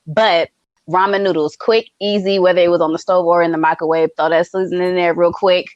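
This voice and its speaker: A woman's voice: fairly low pitch, steady tone, a little fast, a little mellow, no echo, dull audio. A young woman co-hosting a podcast, chatting in a laid-back, laughing way and calling people "honey" and "girl". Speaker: podcast co-host. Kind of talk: casual chat.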